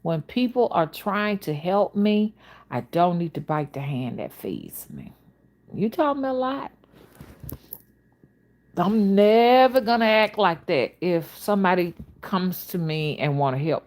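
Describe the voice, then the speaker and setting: Woman host, spiritual reader on a livestream: soothing, melodic, lowish voice, slow, unhurried delivery. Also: a little mellow. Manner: unhurried, talks to viewers by name, folksy asides. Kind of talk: casual livestream chat.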